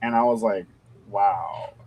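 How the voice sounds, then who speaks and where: A man's voice: medium pitch, moderate pace, slight background noise. Casual, profane man on a stream. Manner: swears freely, loose storytelling. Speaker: co-host of a doll shop stream. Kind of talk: casual chat.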